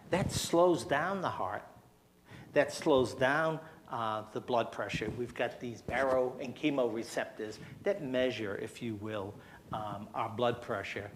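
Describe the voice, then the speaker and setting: A man's voice: medium pitch, slight background noise. A man presenting at a health seminar, explaining a breathing technique step by step and checking in with the audience with a frequent "okay?". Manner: demonstrates breathing, coaxes audience to join. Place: church hall.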